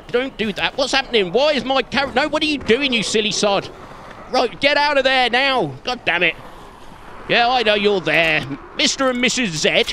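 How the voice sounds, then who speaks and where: High, bright, playful man gaming. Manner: silly, theatrical, talks back at the game. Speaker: gaming channel host. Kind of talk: playful let's-play commentary.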